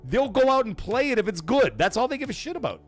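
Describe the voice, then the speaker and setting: A man's voice: very high voice, big pitch swings, quick pace, soft background music. A man hosting a live gaming podcast stream, ranting profanely and greeting his chat by name.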